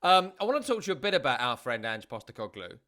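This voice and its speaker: A man's voice: medium pitch, sing-song, quick pace, pushed and bright. A British man co-hosting a casual football chat, rambling and chatty with many fillers. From Britain. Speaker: podcast co-host.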